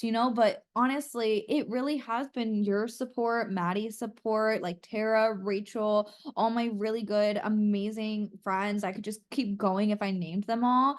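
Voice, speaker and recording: A woman's voice: mid-range voice, steady tone, unhurried, few pauses. A young woman co-hosting a podcast in person, talking candidly and earnestly, with lots of "like" and casual swearing. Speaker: podcast co-host. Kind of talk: casual chat. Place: in person with co-host.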